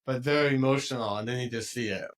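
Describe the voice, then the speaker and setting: A man hosting a podcast, talking in a relaxed, chatty way and laughing often. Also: medium pitch, fast. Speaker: podcast host. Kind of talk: casual conversation.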